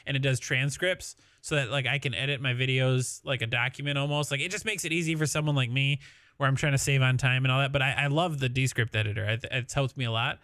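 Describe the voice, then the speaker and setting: A man's voice: medium pitch, steady tone, quick pace, pushed and bright, dry recording, studio quality. A man with a Midwestern accent chatting casually on a live stream, rambling and laughing as he talks. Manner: rambling, laughing, swears freely.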